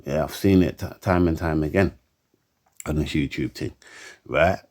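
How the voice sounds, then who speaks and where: Low-voiced man ranting heatedly. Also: normal speed, darkish tone. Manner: heated and emphatic, keeps asking for agreement; stammers and repeats words. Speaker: commentator. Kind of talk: opinion rant to camera.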